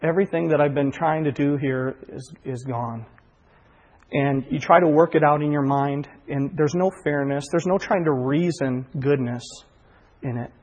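A man's voice: on the high side, moderate pace, darkish tone, dull audio. A man telling his personal testimony in an earnest, heartfelt way, often stumbling over repeated words, recorded in a large hall. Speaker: speaker giving a personal testimony. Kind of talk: sermon-like storytelling. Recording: long hall reverb.

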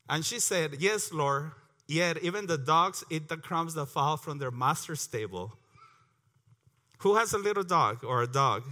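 A man leading a prayer and then teaching a Bible passage, earnest and repeating words as he goes, clearing his throat often. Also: fairly high pitch, bright, forceful tone. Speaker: preacher.

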